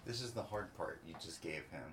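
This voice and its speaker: A man teasing and joking playfully during a family game at home, recorded from a distance in a roomy space with hiss. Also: a little fast. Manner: teasing, playful, lively swings in pitch. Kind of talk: casual family chat over a tabletop game. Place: home, at a table.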